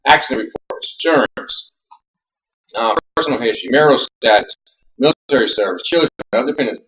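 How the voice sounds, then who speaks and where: A man's voice: medium pitch, brisk, a bit bright, echoey room, dull audio, slight background noise. A man teaching a paralegal class, talking loosely and conversationally, repeating and restarting words and putting questions to the students. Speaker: law instructor and attorney. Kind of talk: classroom lecture.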